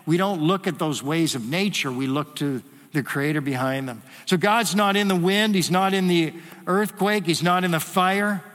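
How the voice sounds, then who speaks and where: A man preaching a sermon in a church hall, animated and acting out the voices he quotes. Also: sits high, moderate pace. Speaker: pastor. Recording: long hall reverb.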